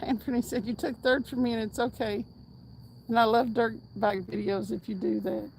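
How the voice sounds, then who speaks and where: A woman's voice: on the high side, steady tone, normal speed, gravelly, darkish tone, slight background noise, low-quality recording. A woman hosting a casual fishing livestream outdoors at night, chatting and reading viewer comments aloud with frequent laughs. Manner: chatty, reads chat aloud, laughs often.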